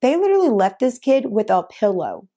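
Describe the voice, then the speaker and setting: Chatty young woman with a mellow voice. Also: on the high side, sing-song, brisk. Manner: chatty, lots of "like" fillers, frequent laughs. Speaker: vlogger. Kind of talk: casual storytelling to camera.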